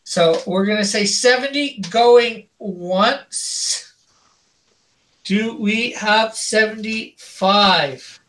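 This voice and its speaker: A man's voice: high-pitched, extremely slow, bright, forceful tone, slight background noise. A man hosting a live-streamed art auction, calling out bids over and over and chuckling between calls. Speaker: auction host.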